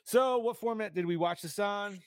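A man co-hosting a casual podcast chat, animated and profane, saying "dude" a lot. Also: sits high, moderate pace, a little hiss or hum. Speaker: podcast co-host.

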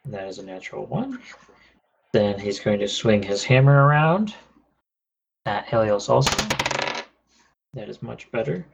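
A man's voice: on the low side, sing-song, a little slow, creaky, long pauses, muffled recording, noisy background. A man acting as game master in a tabletop game, calling rolls and enemy moves in a matter-of-fact way. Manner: matter-of-fact rules calls.

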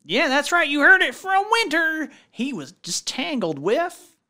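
A man playing a loud, excitable radio game show host in an improvised comedy sketch. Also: very high voice, measured pace, voice pushed up, full character voice. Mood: showy. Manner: yelling, hammy announcer delivery.

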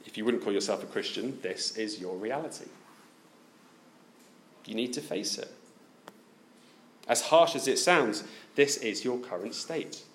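A man's voice: on the low side, measured pace, long pauses, a little hiss or hum. A man preaching a sermon, asking his listeners many direct questions.

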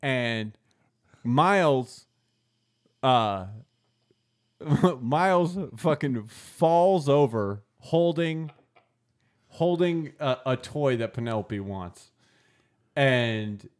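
A young adult man hosting a podcast, telling a story in casual chat, laughing a lot and breaking into loud yells. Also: medium pitch, expressive, extremely slow, pauses often. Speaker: podcast host.

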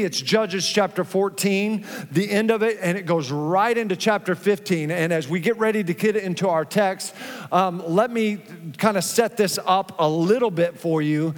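A male pastor delivers a sermon in a fairly high voice, joking with his congregation as he goes. He is recorded in a church sanctuary with a long hall reverb.

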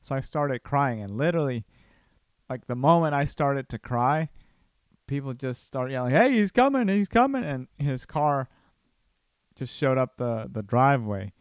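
A young man talks casually on his podcast, winding through a personal story with restarts and asides. His voice is smooth and resonant at a middle pitch. The sound is close and dry, with no room around it. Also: a little slow, dry recording. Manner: rambling, many restarts and laughs. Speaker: podcast host.

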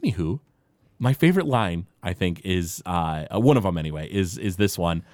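A man co-hosting a casual podcast, retelling cartoon scenes with lots of fillers and quick impressions. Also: sits low, animated, darkish tone, dry recording. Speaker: podcast co-host. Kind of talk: casual chat recapping a cartoon episode.

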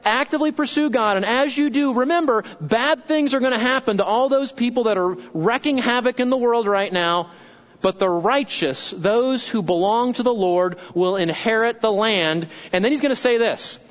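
Man, pastor, sermon, very high voice, conversational, repeats for emphasis, muffled recording. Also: normal speed. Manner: conversational, checks in with listeners.

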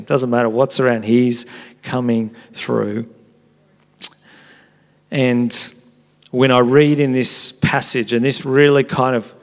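A pastor preaching a sermon in a casual, conversational way, telling stories with lively energy. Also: male voice, mid-range voice. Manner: animated storytelling, conversational preaching. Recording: long hall reverb.

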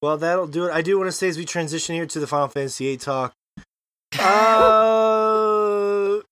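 A man's voice: fairly high pitch, racing. A man hosting a podcast in casual chat, joking and teasing his co-hosts. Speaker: podcast host.

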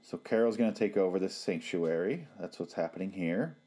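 A man's voice: deep voice, lively intonation, fairly quick, dark tone, breathy edge. A man giving casual, sarcastic and profane watch-along commentary on a TV show.

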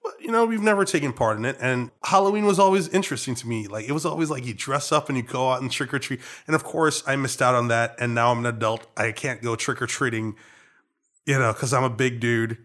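A young man from Trinidad and Tobago with a Trinidadian accent, co-hosting a casual chat and telling stories in an animated, playful way. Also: medium pitch, quick pace. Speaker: podcast co-host.

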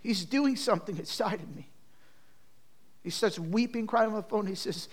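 A man preaching a sermon, telling an emotional story and swinging from loud passages to hushed ones. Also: sits high, moderate pace, pauses often, breathy edge.

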